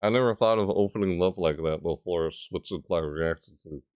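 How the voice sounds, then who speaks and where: A man giving casual reaction commentary on a gaming video, thinking aloud in rambling, stop-start asides and breaking into loud screeching imitations. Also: low voice, a little fast, clear, resonant tone, no echo, clean studio sound.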